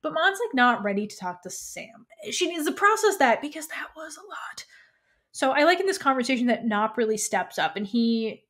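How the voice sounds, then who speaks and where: A woman co-hosting a podcast, recapping a TV episode in animated storytelling with quick asides and casual swearing. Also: on the high side. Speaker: podcast co-host.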